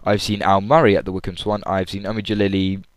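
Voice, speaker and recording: Young guy, low-pitched and crisp, chatty vlog ramble with many restarts. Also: little pitch movement, fast talker, no echo. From England. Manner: chatty, lots of fillers and restarts. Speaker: vlogger. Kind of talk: rambling audio log.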